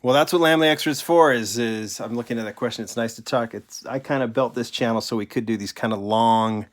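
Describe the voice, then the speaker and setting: A man's voice: mid-range voice, brisk. A man hosting a live stream, chatting casually and rambling in a candid, joking way. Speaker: host.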